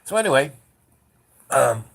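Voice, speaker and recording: A man's voice: mid-range voice, very animated, unhurried, vocal fry, a bit bright, breathy edge. A man hosting a podcast, telling a story in a casual, rambling way with restarts, asides and blunt swearing. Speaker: podcast host.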